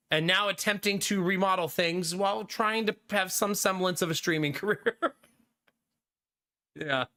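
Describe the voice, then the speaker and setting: A male streamer with a high, bright voice chats loosely with his live viewers. He keeps things easygoing and breaks into laughter often. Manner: laid-back and chatty, laughing often. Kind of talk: casual chat with live viewers.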